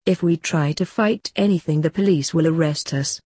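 A woman voicing a tired, resigned man on the run, a father figure, in a husky voice. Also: sits low, moderate pace, warm tone, no room sound, clean studio sound. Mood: weary.

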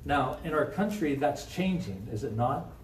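Conversational Midwestern pastor preaching in an echoey church. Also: male voice, mid-range voice, lively intonation, moderate pace, a little hiss or hum. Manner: conversational, asks the congregation questions. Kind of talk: sermon. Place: church sanctuary. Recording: echoey room, mic from a distance.

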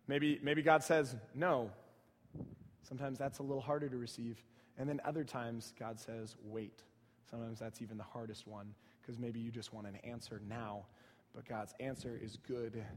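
A young man preaching a sermon, moving from soft, reflective asides to loud, excited storytelling. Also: mid-range voice. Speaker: pastor. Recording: long hall reverb.

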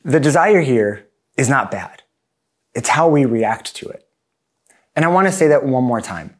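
A man's voice: medium pitch, animated, unhurried. A man preaching a sermon in an earnest, plain-spoken way, with self-deprecating asides.

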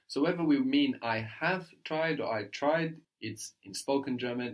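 A man guiding a student through a spoken language lesson. He asks short prompts, waits, then echoes each answer back slowly and clearly before explaining the grammar in an even, middle-pitched voice. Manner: patient, prompting questions, repeats answers slowly. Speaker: language teacher.

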